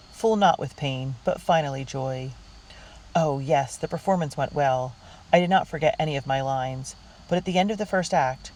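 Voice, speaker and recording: A reader narrating a diary storybook in a girl's first-person voice, earnest and unhurried. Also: fairly high pitch, darkish tone, rough recording. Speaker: audiobook reader.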